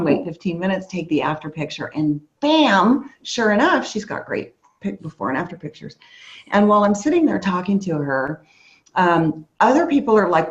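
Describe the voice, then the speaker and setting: A woman with a lowish voice gives a sales training talk to a crowd, telling a story and acting out the people in it. The recording sounds dull and lo-fi. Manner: storytelling, acts out lively quoted dialogue. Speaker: training speaker.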